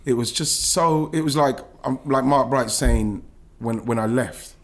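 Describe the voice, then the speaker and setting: A middle-aged man from England tells a personal story as a podcast guest. He speaks in animated bursts, swears freely and breaks into halting restarts when the memory hurts. His pitch sits in the middle. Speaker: guest, former footballer.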